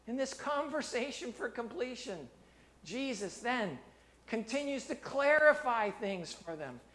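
A man with a fairly high voice preaching a sermon. He drops low and soft for the scripture passages, then lifts his voice loud and animated when he drives a point home. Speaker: pastor.

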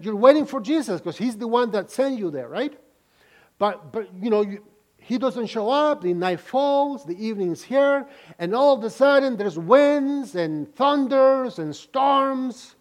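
Slow-talking high-voiced male preacher. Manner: asks the listeners frequent questions; repeats words and restarts phrases. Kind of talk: sermon, reading and explaining scripture.

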